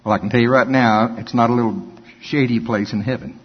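An older man preaching a sermon, reading scripture and breaking into animated, folksy asides. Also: medium pitch, brisk, slightly rough. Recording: dull lo-fi with long hall reverb.

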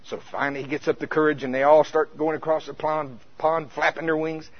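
A pastor telling a folksy story in a conversational sermon, with a casual manner. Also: male voice, a little high, little pitch movement, brisk. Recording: muffled lo-fi recording.

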